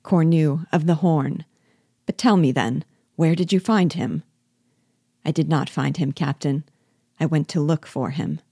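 A woman's voice: sits low, measured pace, pauses often, dark tone, breathy edge, dry recording, clean studio sound, heavily acted. A woman voicing a loyal, sentimental old male army sergeant who speaks humbly and rambles. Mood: earnest, humble.

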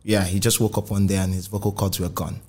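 Male interview host, lowish voice, asks short probing questions. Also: little pitch movement, fast, darkish tone. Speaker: podcast host, music journalist. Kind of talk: conversational interview.

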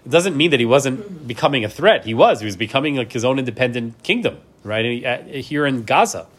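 A man teaching a class, middle in pitch, who reads out Hebrew verses and then explains them in plain English. He keeps checking in with his listeners, tagging "right?" onto his points as he goes. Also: animated, fairly quick, slightly rough. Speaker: Torah teacher. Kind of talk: class lecture.

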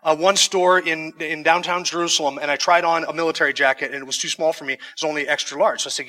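Man, high voice, sermon, verse reading with chatty asides, reverberant hall. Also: steady tone, fast talker, few pauses, bright, forceful tone. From United States. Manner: reads verses, then explains in a conversational aside with humor. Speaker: pastor. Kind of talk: sermon reading and teaching from scripture.

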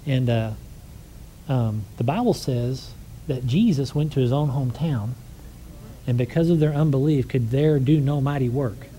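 Preaching to a congregation, this man relates a personal story conversationally, imitating the voices he quotes, then ends in prayer. He has a warm, mid-range voice at normal speed, captured in a rough recording with slight background noise.

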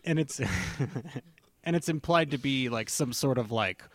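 A man's voice: mid-range voice, expressive, slow, no echo. A man hosting a casual podcast chat, laughing often and rambling through his points. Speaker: podcast host.

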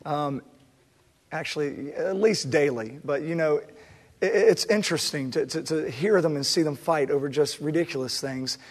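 A man's voice: fairly high pitch, normal speed. Preaching man in a reverberant hall. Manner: builds from quiet reflection to loud impassioned preaching. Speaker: pastor. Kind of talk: sermon. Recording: long reverb of a large hall.

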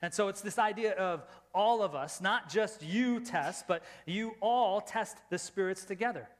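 Middle-aged guy preaching, pretty high voice, big echoey church hall, gets loud then drops way down quiet. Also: a little slow. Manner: emphatic, swings from loud rising questions to soft low asides. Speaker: pastor. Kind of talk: sermon. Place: church sanctuary. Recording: long reverb of a large hall.

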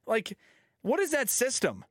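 A man hosting a casual podcast chat, ranting with lots of profanity and lively swings. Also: very high voice, a little slow, no room sound, studio quality. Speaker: podcast host.

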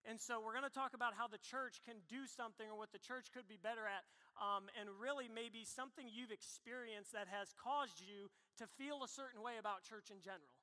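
A man preaching a sermon, telling personal stories and acting out his younger self in an animated way. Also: sits high, a little fast, hardly any pauses. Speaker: pastor. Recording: long hall reverb.

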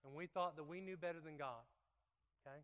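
A man's voice: a little high, a little fast, fairly bright tone, smooth. A man, preaching conversationally and earnestly, often checking in with "okay?", leading into an altar call. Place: church sanctuary. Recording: long reverb in a church hall.

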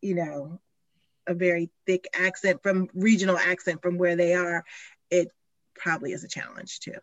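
A woman's voice: lowish voice, steady tone, normal speed, no echo, muffled recording. A woman chatting casually as a podcast guest, telling a family anecdote with side remarks. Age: adult. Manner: chatty, tells anecdotes with asides. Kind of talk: casual chat.

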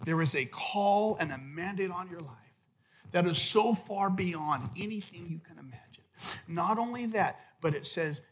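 A male pastor with a very high-pitched voice, preaching with passion. He swings between loud shouted lines and quiet, intense stretches. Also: animated, moderate pace. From California. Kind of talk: sermon.

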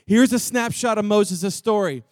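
A man's voice: high voice, unhurried, no echo. A man from Texas preaching a sermon, telling a story in a loose, slangy way with offhand asides. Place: church gathering room.

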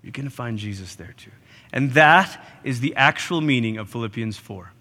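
A man preaching a sermon as pastor, animated and acting out quoted voices with big jumps in pitch. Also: moderate pace. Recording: live church hall reverb.

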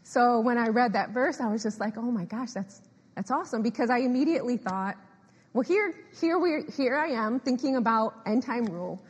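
A woman preaching a sermon, animated and emphatic, repeating phrases and often laughing. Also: a little high, moderate pace, husky. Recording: echoey hall with long reverb.

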